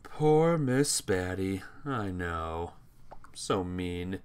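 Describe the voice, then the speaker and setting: A man's voice: deep voice, expressive, very slow, a little mellow, clean tone. A man streaming a game with laid-back, chatty commentary, talking to his chat and teammates while yawning and sleepy. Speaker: gaming streamer.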